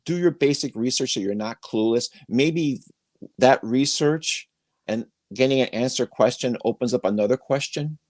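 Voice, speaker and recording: Male podcast host, mid-pitch, emphatic and rambling, dry close phone recording from a bedroom. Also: normal speed, darkish tone, dry recording. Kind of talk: casual interview chat. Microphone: iPhone.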